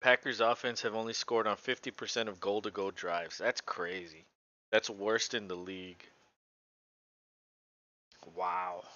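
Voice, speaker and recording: A man's voice: fairly low pitch, steady tone, normal speed, sharp tone, dry recording, highs cut off. A man hosting a casual live play-by-play show from home, chatting and laughing between plays. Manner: chatty, laughs often, talks to his dog. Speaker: podcast host doing live play-by-play. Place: home room with his dog.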